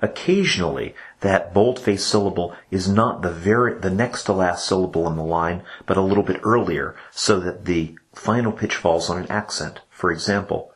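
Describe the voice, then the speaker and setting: A man's voice: sits low, moderate pace, hardly any pauses, fairly bright tone. A man explaining, step by step, how cantors lead a church service, in a patient instructional podcast. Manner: patient explaining, breaks into chanted examples.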